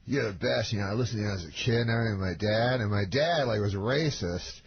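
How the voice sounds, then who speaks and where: A man, a comedian guest, telling a meandering anecdote on a radio show in a deadpan way, stumbling over fillers. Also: on the low side, quick pace. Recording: lo-fi radio recording with hiss.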